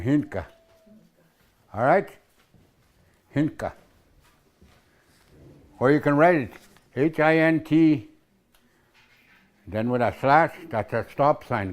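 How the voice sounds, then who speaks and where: A man's voice: mid-range voice, expressive, slow, pauses often. A man teaching a language class in a casual way, repeating words and spelling them out, often asking "eh?".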